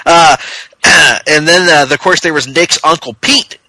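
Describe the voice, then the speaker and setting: Man co-hosting a chatty podcast, bright forceful voice, dry close mic, playful and jokey. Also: a little high, a little slow, no echo, rough recording. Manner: jokey, breaks into sung lines and laughs. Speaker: podcast co-host. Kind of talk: casual chat.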